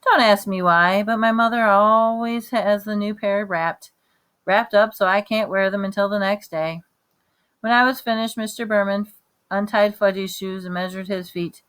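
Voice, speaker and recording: A woman reads a children's chapter book aloud. Her storytelling is plain and steady. She restarts a phrase now and then. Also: medium pitch, normal speed, clean tone. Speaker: reader. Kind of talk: reading a children's novel aloud.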